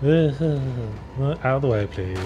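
A man's voice: mid-range voice, animated, extremely slow, dull audio, background noise. A man giving dry, sarcastic commentary while playing a video game, humming and muttering to himself as he goes. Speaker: let's play co-host. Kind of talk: casual gameplay commentary.

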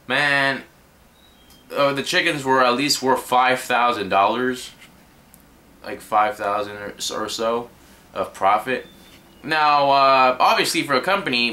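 A man's voice: mid-range voice, bright, forceful tone. A young man giving a rambling, exasperated vlog rant, swearing constantly. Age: young adult. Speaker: vlogger. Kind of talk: profane ranting commentary.

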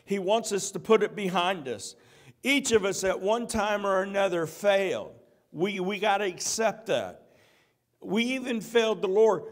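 A man's voice: high voice, unhurried. A man preaching a sermon in church, earnest and repeating his key phrases.

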